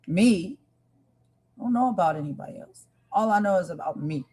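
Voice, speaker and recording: A woman's voice: on the low side, animated, normal speed, dark tone, husky, rough recording. Impassioned woman hosting a live stream. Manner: emphatic, repetitive, talks straight to viewers.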